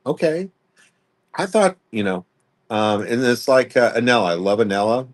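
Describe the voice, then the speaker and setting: A man's voice: mid-range voice, expressive, moderate pace. A young adult man hosting a live-stream sale, talking bluntly and casually and laughing often. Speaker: live-stream jewelry seller.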